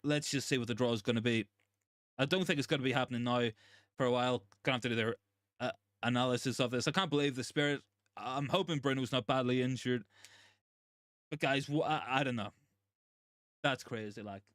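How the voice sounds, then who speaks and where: A male host giving live football watchalong commentary, excitable and shaken, stammering and repeating himself in disbelief. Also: mid-range voice, brisk, pauses often, no echo, clean studio sound. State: shaken and overwhelmed. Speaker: fan channel host.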